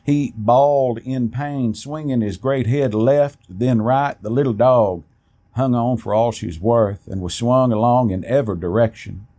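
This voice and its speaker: A man reading a first-person story aloud in a plain, steady way, with an occasional restart. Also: mid-range voice, measured pace.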